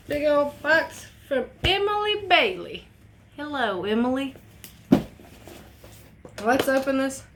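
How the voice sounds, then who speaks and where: A young woman vlogging a casual unboxing at home, excitable and gushing, swearing freely. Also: on the high side, slight background noise.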